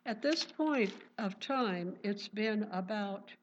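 A woman's voice: medium pitch, animated, takes it slowly. Earnest woman teaching the Bible, lo-fi. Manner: earnest, exclaims "Praise the Lord". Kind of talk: Bible study sermon. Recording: dull lo-fi recording.

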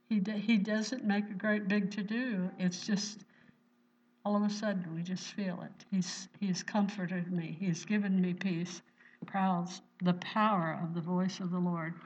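A woman preacher works through scripture in a mid-pitched voice, breaking in with bursts of praise and asking her listeners questions. She sounds fervent and earnest. The recording is dull and lo-fi. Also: recorded from a distance. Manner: fervent, exclaims "Praise the Lord" and "Hallelujah" often; asks the listeners rhetorical questions. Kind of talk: Bible-teaching sermon.

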